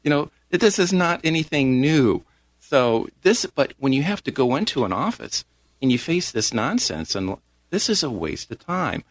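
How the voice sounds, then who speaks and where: A man being interviewed as a guest, plain-spoken and getting animated as he tells his story. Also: a little high, normal speed. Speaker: guest, county comptroller. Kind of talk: casual interview.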